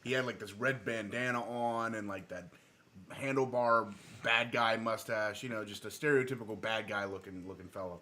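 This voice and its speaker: A man's voice: fairly low pitch, normal speed. A man joining his wife on stream, telling a story against himself with acted-out quotes. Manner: animated, self-mocking, acts out quotes. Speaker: co-host, the streamer's husband. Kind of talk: casual storytelling.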